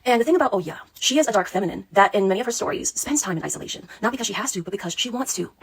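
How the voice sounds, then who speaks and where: A woman's voice: mid-range voice, expressive, racing, slightly rough. A woman speaking as a spiritual coach in a casual monologue, blunt, sassy and full of swearing.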